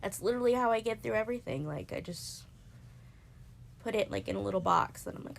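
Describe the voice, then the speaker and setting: A woman in her twenties on a podcast, talking in a casual, emotional way, tearful and laughing through it, her voice jumping high when she quotes herself. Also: lively intonation, fast, gravelly, slight background noise. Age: 20s. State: crying at times. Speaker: podcast co-host. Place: bedroom, on a bed.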